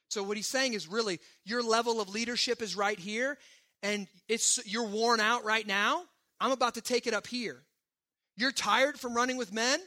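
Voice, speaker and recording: A pastor delivering a sermon in a high, strikingly bright voice. He preaches conversationally and with emphasis, tossing quick asides to his listeners. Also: fairly even intonation.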